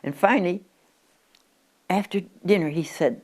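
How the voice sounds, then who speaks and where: A woman's voice: low voice, moderate pace, a little mellow. A woman in her nineties, interviewed at her country home, reminiscing in a chatty, rambling way with frequent restarts. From Oregon, USA. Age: 90s.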